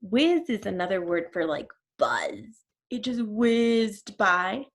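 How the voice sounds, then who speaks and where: A woman's voice: medium pitch, animated, slow pace, a little hiss or hum. A woman teacher reading a storybook to her class, stopping to explain words and ask questions.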